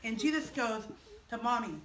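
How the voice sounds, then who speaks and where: A woman teaching children in chapel, telling a story in an animated, expressive way with dramatic pauses and playful questions, heard from far off in an echoey room. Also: fairly high pitch, slight background noise.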